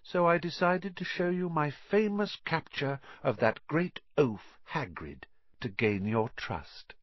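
A man's voice: fairly high pitch, lively intonation, takes it slowly, dry recording, dull audio, voice pushed up. A man reading an audiobook, voicing a scheming, sneering sixteen-year-old boy wizard who gloats in a silky, cold manner. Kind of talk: audiobook character voice.

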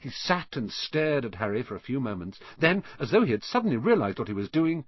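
Male audiobook narrator, husky, lively pitch, expressive, dull lo-fi sound, dry. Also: brisk, no echo. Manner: expressive, animated reading. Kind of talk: scripted storybook narration.

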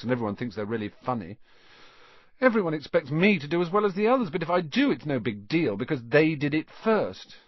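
A man voicing a self-conscious young wizard boy in an audiobook, rambling and apologetic, with a husky voice. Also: mid-range voice, dry recording, muffled recording. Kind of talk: audiobook character reading.

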